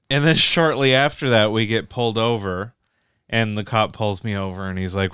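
A man's voice: on the low side, steady tone, moderate pace, sharp tone, clean tone, dry recording, clean studio sound. A young Canadian man telling long, rambling road stories in casual chat, swearing freely and full of "like" and restarts.

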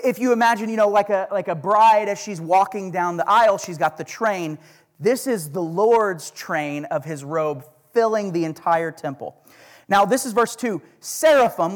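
A male pastor with an Oklahoma accent preaching a casual, conversational sermon and reading scripture slowly with emphasis. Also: high voice.

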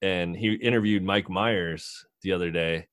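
Man, podcast co-host, low voice, relaxed casual chat. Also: measured pace, no echo, studio quality.

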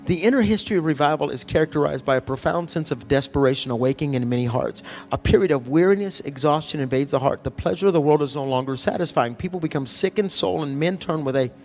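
A middle-aged male pastor preaching a conversational sermon, joking and dropping to hushed, sighing asides. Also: a little high, fast talker, few pauses. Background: soft music.

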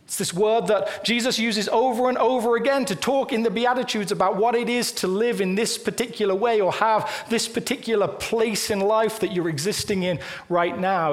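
Guy preaching in church, high voice, chatty and lively, does little voices for quotes. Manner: conversational and animated, acting out quoted voices. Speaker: pastor. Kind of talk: sermon. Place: church auditorium.

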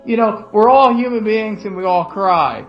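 A man's voice: high voice, moderate pace, dull audio, soft background music. A man from Philadelphia co-hosting a casual chat, rambling and swearing often, laughing as he talks. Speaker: podcast co-host.

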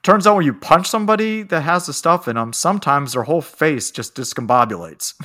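A man's voice: on the high side, animated, fairly quick, bright, forceful tone. A man chatting casually on a podcast, recapping a film in a rambling way, often laughing and acting out lines. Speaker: podcast co-host.

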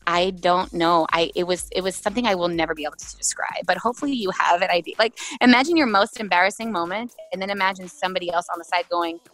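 A woman's voice: fairly low pitch, fast talker, few pauses, fairly bright tone, soft background music. A young woman, a singer-songwriter, talks casually over a video call and tells stories with laughs and quoted voices.

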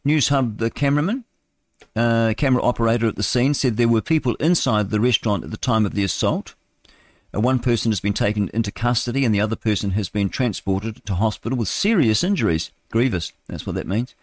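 A New Zealand man hosting talk radio, reading news aloud and wandering off into rambling asides, tripping over his words. His voice sits low, and the sound is close and dry with no room around it. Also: fairly quick, no room sound. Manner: rambling, stumbling, with chatty asides. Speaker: radio host.

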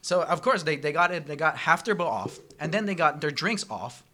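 A man guest on a casual podcast, telling profane, animated stories and acting out the people in them. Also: on the high side, fairly quick, slight background noise. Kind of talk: casual storytelling.

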